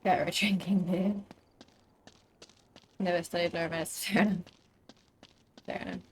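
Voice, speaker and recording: A woman's voice: fairly low pitch, fairly even intonation, moderate pace, slight background noise. A young British woman streaming a game, chatting casually and rambling with lots of fillers. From United Kingdom. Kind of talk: casual gaming chat.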